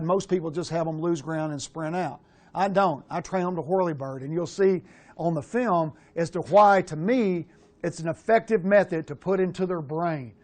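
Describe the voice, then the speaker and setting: Blunt, animated quarterback coach, a man. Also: sits high. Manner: blunt, animated, swears casually. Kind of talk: film breakdown coaching talk.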